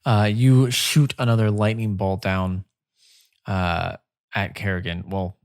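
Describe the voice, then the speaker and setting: A man running a tabletop game, narrating the fight slowly and haltingly, filling gaps with "uh" and "like". His voice sits at a middle pitch and sounds dry and close, with no room around it. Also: level tone, no echo. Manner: slow, halting narration with many fillers. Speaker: game master.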